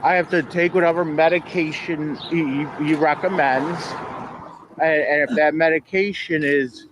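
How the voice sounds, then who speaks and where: A man riding a bike outdoors and talking slowly between breaths, often clearing his throat. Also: fairly high pitch, fairly even intonation, noisy background. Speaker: cyclist filming himself. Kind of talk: casual chat while riding.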